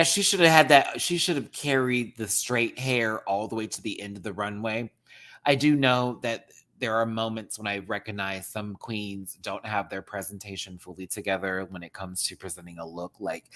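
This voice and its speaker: A man giving a casual, animated review to camera, swinging from hushed asides to loud exclaiming and laughing often. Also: fairly low pitch. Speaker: drag show reviewer. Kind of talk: casual commentary rant to camera.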